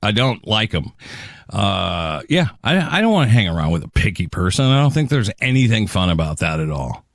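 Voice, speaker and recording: A man's voice: fairly low pitch, sing-song, moderate pace, no room sound, clean studio sound. A man co-hosting a casual podcast, blunt and laughing a lot, swearing casually. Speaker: podcast co-host.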